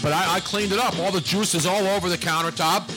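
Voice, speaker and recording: A man's voice: high voice, steady tone, a little fast, music in the background. A man hosting a casual radio talk show, rambling and teasing his co-hosts in loose on-air banter.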